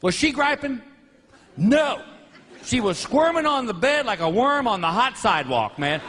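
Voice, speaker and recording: Man, stand-up comedian, animated storyteller, high pitch, live show with crowd noise. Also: normal speed. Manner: animated storytelling, acts out quoted voices. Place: stage before a laughing audience.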